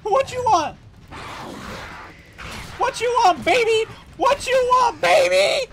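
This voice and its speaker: A man's voice: lively intonation, slow pace, vocal fry, background noise, exaggerated voice. A man doing a cocky trash-talking alien. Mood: taunting. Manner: boastful, taunting, high and loud. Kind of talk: in-game trash talk.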